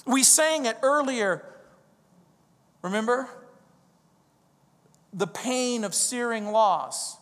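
Man, pastor, middle-aged, high voice, emphatic sermon delivery, storytelling, long hall reverb. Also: very animated, fairly bright tone. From Southern California. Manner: storytelling, emphatic with slow drawn-out stresses. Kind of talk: verse-by-verse sermon. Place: church sanctuary.

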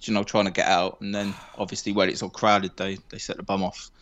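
Man, low-pitched, relaxed swearing guest on a chat show. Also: a little fast, highs cut off. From England. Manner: swears casually, laughs easily. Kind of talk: casual chat.

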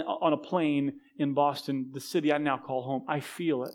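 High-voiced man preaching conversationally. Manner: conversational, self-deprecating humor, frequent restarts. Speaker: guest pastor. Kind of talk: sermon. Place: church.

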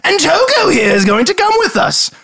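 A man's voice: very high voice, huge pitch swings, normal speed, creaky, pushed and bright, no echo, studio quality, voice pushed up, exaggerated voice. A man voicing an arrogant male dragon lord in human guise, scornful and theatrical, in a tabletop game.

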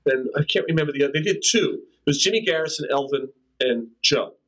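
Older man guest, slightly high voice, rambling storyteller who scats drum rhythms. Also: fast, a bit bright, rough recording. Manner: rambling anecdotes with scat-sung drum rhythms and laughs. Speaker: interview guest, drummer. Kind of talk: casual storytelling.

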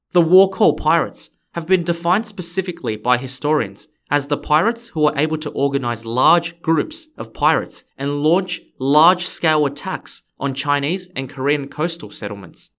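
A man's voice: on the high side, fairly bright tone. Man hosting a history podcast. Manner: friendly, explanatory, occasionally playful. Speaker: podcast host. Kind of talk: scripted history podcast narration.

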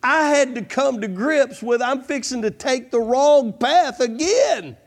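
A man's voice: very high-pitched, animated, a little slow. A man preaching a fervent sermon, repeating "come on" and "I'm telling you" as he presses his points. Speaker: pastor.

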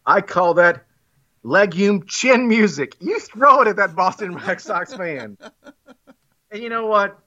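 A man's voice: high-pitched, lively intonation, a little slow, sharp tone. A man giving a playful, theatrical mock-persuasive monologue in a self-mocking way. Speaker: guest making a comic pitch. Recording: muffled lo-fi recording.

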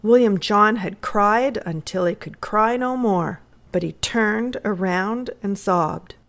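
A woman narrating a short story for a readers' theatre. Her reading is measured and expressive, with a mid-range voice. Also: mid-range voice.

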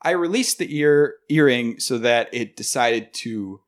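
A man's voice: mid-range voice, measured pace. A man telling a story in a casual podcast chat, profane and laughing as he goes. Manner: animated, profane, laughs through his story.

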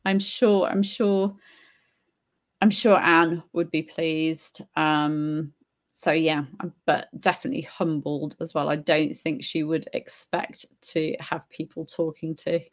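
A woman's voice: low-pitched, fairly even intonation, slow pace. A woman hosting a live stream, reading out viewer comments and answering them in a thoughtful, hesitant way, with many fillers and restarts. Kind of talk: casual live Q&A talk. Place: home in Spain.

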